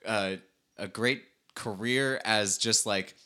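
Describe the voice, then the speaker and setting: Male co-host; lowish, animated voice with a bright edge, laid-back and joking. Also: takes it slowly. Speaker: podcast co-host. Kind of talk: casual podcast chat.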